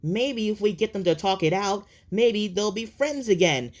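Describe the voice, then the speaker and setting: A woman voicing an eager, scheming young male tank engine in a fan cartoon, with excitable shrieky cries. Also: mid-range voice, moderate pace, natural voice.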